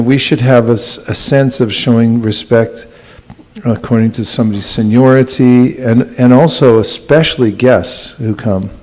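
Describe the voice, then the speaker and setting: A man teaching a scripture class and taking questions, speaking in a measured way with gentle dry humor. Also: medium pitch, rough recording. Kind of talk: class talk with audience questions.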